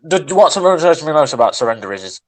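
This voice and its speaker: A man's voice: on the high side, big pitch swings, fast, poor audio. A young man co-hosting a podcast, ranting in casual chat, agitated, with sighs and many restarts. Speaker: podcast co-host.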